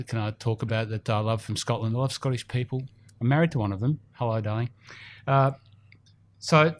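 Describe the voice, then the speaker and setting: Chatty man hosting a podcast. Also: medium pitch. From Australia. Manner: chatty, rambling with fillers. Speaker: podcast host. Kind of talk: casual podcast chat. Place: indoor golf simulator studio.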